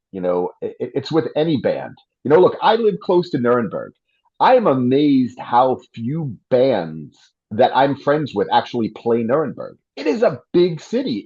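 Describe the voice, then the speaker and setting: Man, husky voice, lively pitch, dull lo-fi sound, emphatic podcast chat. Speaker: podcast co-host, booking agent.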